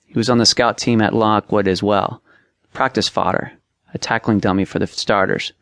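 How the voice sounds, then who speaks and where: A man narrating an audiobook, reading plainly and raising his voice for shouted lines. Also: on the low side, steady tone, normal speed, dry recording, studio quality. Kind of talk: scripted narration.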